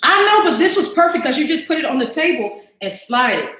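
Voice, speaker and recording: A woman's voice: sits high, sing-song, a little fast, sharp tone, echoey room, low-quality recording. A woman hosting a casual cooking livestream, chatting to viewers as y'all and thinking aloud as she cooks in her home kitchen.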